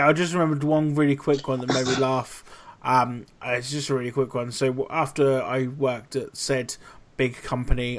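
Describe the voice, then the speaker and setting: A man co-hosting a casual podcast, telling animated, sweary stories. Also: medium pitch. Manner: animated storytelling, heavy swearing. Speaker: podcast co-host. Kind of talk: casual chat.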